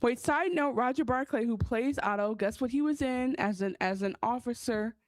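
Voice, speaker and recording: A woman's voice: fairly high pitch, normal speed, dry recording. A woman co-hosting a casual podcast, chatting about a TV episode and reading viewer comments aloud. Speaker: podcast co-host. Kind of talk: casual recap chat.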